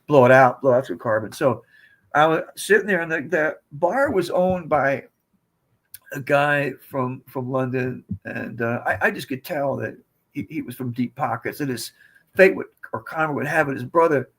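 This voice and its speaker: A man's voice: mid-range voice, expressive, moderate pace, fairly bright tone. A man in his seventies from the United States, a podcast guest telling rambling, digressive stories in a casual way. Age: 70s. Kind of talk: casual storytelling.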